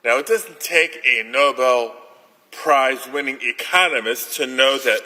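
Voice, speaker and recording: A man senator making a deliberate, indignant floor speech. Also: mid-range voice, pushed and bright, slight background noise. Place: large legislative chamber. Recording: echoey legislative chamber.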